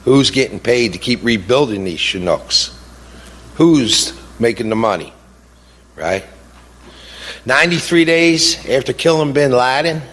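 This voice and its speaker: Grieving father, halting then heated. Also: medium pitch, a bit bright. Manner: indignant, rising to heated outbursts; halting, with many fillers when grieving. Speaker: grieving father giving a talk. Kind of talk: impassioned speech.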